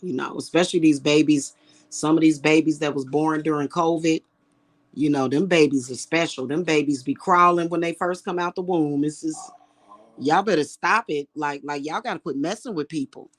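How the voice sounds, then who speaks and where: A woman, ranting to camera in a casual vlog, blunt and animated, with profane slang. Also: low-pitched, moderate pace. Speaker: vlogger.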